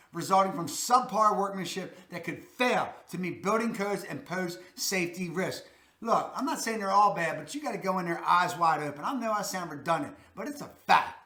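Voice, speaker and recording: Baltimore guy doing real estate tips, high bright voice, folksy and punchy, echoey room. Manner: folksy, emphatic, repeats "that's a fact". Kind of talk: direct-to-camera real estate advice.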